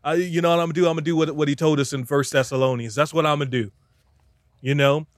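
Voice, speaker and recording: A man's voice: on the high side, fairly even intonation, fast talker, no echo. Emphatic preaching man, dry close sound. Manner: preachy, emphatic, repeats phrases for effect. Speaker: podcast co-host preaching. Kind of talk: animated sermon-style talk.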